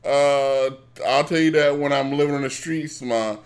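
Deadpan guy on a stream, mopey grumbling, trails off quiet. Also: mid-range voice, measured pace. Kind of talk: casual comedic stream chat.

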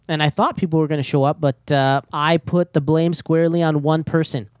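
A man's voice: fairly high pitch, moderate pace, dry recording, studio quality. Nervous rambling podcast host, man. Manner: nervous, self-deprecating, rambling with many fillers. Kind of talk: casual solo podcast chat.

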